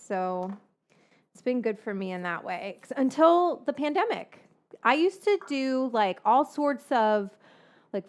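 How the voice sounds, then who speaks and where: A woman's voice: on the high side, smooth. A woman from the Bay Area chatting casually while she cooks, rambling, frank, and swearing freely as she drifts between tangents. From San Francisco Bay Area. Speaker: cookbook author and cooking host. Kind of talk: casual chat while cooking.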